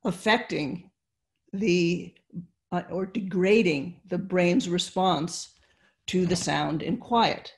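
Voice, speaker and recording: An older woman giving an online webinar lecture, explaining step by step with pauses, fillers and restarts. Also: on the low side. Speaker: neuroscience lecturer. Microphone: computer mic on video call.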